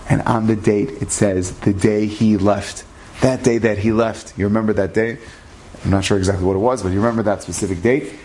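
A man's voice: lowish voice, fairly even intonation, fairly quick, darkish tone, slight background noise. A man telling a religious story as a lesson, earnest, acting out the dialogue and using Hebrew terms.

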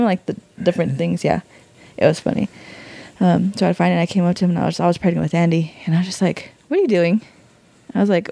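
A young woman with a mellow voice talks candidly on a couple's podcast. She rambles, leaning on "like" and "you know". She is recorded close and dry. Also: lowish voice, gravelly, dry recording. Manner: chatty, lots of "like" and "you know". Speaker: podcast co-host.

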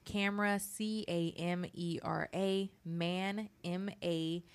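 A woman's voice: fairly low pitch, fairly even intonation, slow, clear, resonant tone. A woman co-hosting a chat show who reads a sponsor segment in a polished announcer tone. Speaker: co-host.

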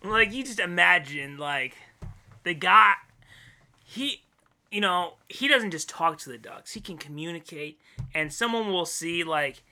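A woman's voice: lowish voice, lively intonation, measured pace, sharp tone. A woman co-hosting a podcast in casual chat, acting out silly characters with big voices. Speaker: podcast co-host.

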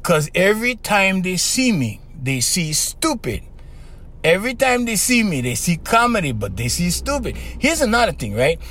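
Lively rambling man with a lilt. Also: sits high, moderate pace. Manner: rambling, laughs often, talks to listeners directly. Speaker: host, former radio voice performer. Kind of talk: rambling casual monologue.

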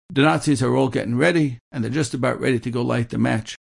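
A man's voice: mid-range voice, quick pace, gravelly, hardly any pauses, husky. A man telling an inspirational religious story in an earnest way, repeating points for emphasis.

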